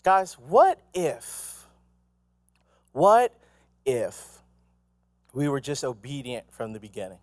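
A male pastor giving an animated, conversational sermon, full of asides and questions to the congregation. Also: medium pitch, takes it slowly, long pauses, no room sound, studio quality. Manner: animated, conversational preaching with asides and acted quotes. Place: church.

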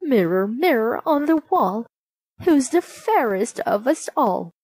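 A woman's voice: on the high side, big pitch swings, slow pace, a little mellow, husky, no room sound, full character voice. Woman doing a vain, spiteful wicked queen. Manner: haughty and spiteful.

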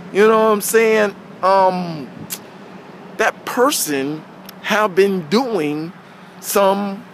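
A man with a fairly high voice preaches in an easy, conversational way, checking again and again that his listeners follow him. He sounds like he is talking to people rather than reading. Clear traffic noise from the street runs under the whole recording. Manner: conversational, peppered with "you know what I'm saying". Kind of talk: informal street-style sermon. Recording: outdoor traffic noise behind voice.

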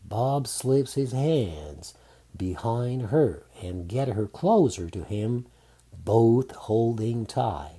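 Slow, dark-voiced male narrator. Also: medium pitch, breathy edge. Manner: calm, unhurried reading. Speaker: audiobook narrator. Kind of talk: scripted romantic narration.

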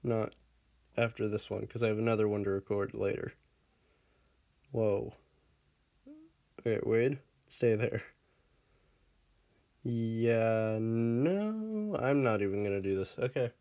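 A man's voice: lowish voice, level tone, unhurried, long pauses, warm tone. A man casually commenting on his game as he plays, laughing often and scolding his pet dog in the game before fussing over him. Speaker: Minecraft let's player.

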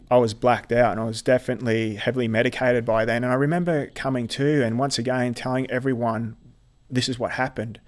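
A middle-aged man speaking in a mid-range voice, telling a painful personal story in an interview. He stumbles and repeats words, and his voice sinks quiet when the memories get heavy. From Australia. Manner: halting, repeats words, voice drops low and soft when emotional. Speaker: podcast guest, army veteran.

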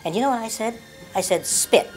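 A woman doing a fast-talking, nervous elf salesman. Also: fairly high pitch, expressive, faint music behind, lightly acted. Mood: wheedling. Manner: hesitant, then pushy and wheedling. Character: nervous male elf salesman, aging and hustling. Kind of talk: amateur comedy parody acting.

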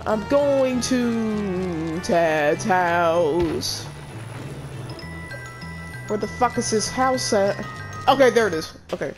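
A woman commentating her gameplay in a brash, loud, cussing way, constantly talking back at the characters on screen. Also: medium pitch, lively intonation, extremely slow, pauses often, music in the background. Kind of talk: let's play commentary.

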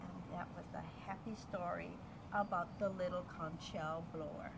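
A woman telling a story to a child, animated, acting out voices and sound effects. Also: lowish voice, moderate pace, gravelly. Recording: noisy home recording.

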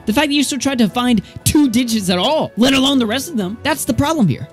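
A man streaming commentary, reading out chat screenshots in a sarcastic, incredulous way. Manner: sarcastic, incredulous, rants rising in pitch.

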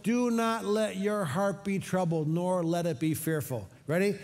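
A middle-aged man preaching a sermon for an online church service, energetic and leading call-and-response. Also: high voice, a little slow. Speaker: pastor. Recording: long hall reverb.

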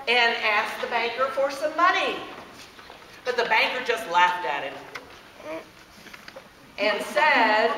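A woman spins a children's tale in a high, sing-song voice, her pitch leaping up and down as she tells it. She was taped by a camera set back across an echoey room with a long tail of reverb. A steady hiss of background noise runs underneath. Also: slow pace, pauses often, recorded from a distance. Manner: expressive, sing-song storytelling. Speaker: storyteller. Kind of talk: telling a made-up bedtime-style story to a child.

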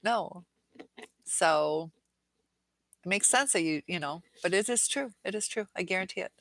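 A woman's voice: fairly low pitch, lively intonation, moderate pace, fairly bright tone, no room sound, poor audio. A middle-aged woman hosting a casual viewer Q&A livestream, earnest and rambling, reading comments aloud.

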